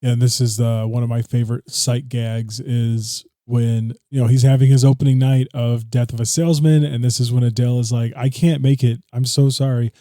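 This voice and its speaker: Dark-voiced man co-hosting a film podcast. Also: medium pitch, flat delivery, moderate pace, few pauses, no echo, studio quality. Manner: loose, profane, laughs often. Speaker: podcast co-host. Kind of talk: casual film review chat.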